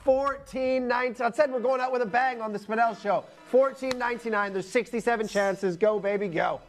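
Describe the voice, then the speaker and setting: A man's voice: very high-pitched, fairly quick, soft background music. Jokey man calling auction prices. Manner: jokey, banters with his co-host. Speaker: shopping channel presenter. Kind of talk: live auction selling. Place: TV studio.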